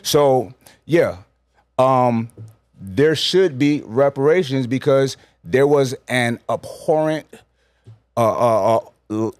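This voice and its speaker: A man from New York speaks as a podcast guest, blunt and emphatic. He sets out his points slowly and deliberately and doesn't hold back on swearing. His mid-pitched voice is recorded dry and close. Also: animated, a little mellow, no room sound. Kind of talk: casual podcast chat.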